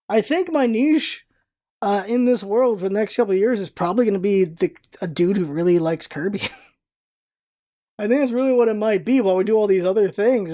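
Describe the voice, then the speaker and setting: A woman's voice: medium pitch, mellow. A woman talking to camera in a casual vlog, rambling and correcting herself as she goes. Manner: rambling, self-correcting, chatty. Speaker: vlogger.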